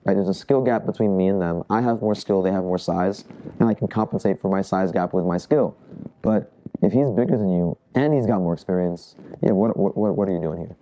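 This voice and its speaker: A man's voice: sits low, brisk, mellow, dull audio. A man teaching a jiu-jitsu workshop in casual talk, restarting phrases and asking the group questions. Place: training room at a camp.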